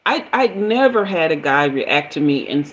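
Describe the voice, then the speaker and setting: Low-voiced woman telling a chatty story. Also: moderate pace, muffled recording, a little hiss or hum. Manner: chatty, many fillers, addresses viewers directly; swings into high, excited bursts when telling a story. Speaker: livestream host and spiritual reader. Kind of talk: casual storytelling to a live chat.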